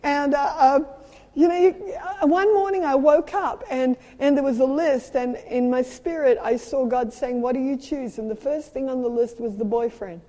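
A middle-aged South African woman preaching in a high, mellow voice. She tells lively personal stories and urges her listeners on emphatically. Her voice rings out with a long reverb through a large hall. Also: moderate pace. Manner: animated storytelling with playful sound effects and emphatic exhortation. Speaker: traveling preacher.

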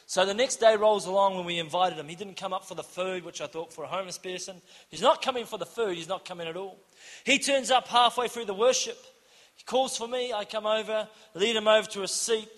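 A man preaching a sermon, telling a story and acting out the dialogue, shouting at the high points. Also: a little fast, in a large hall. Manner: animated, acts out dialogue, shouts for emphasis.

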